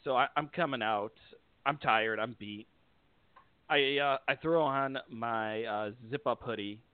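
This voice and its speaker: A man from upstate New York hosting a podcast, telling a story in an easygoing, animated way. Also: mid-range voice, unhurried, smooth, dry recording. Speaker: podcast host. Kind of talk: casual chat, storytelling. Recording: dry, tinny phone-like line.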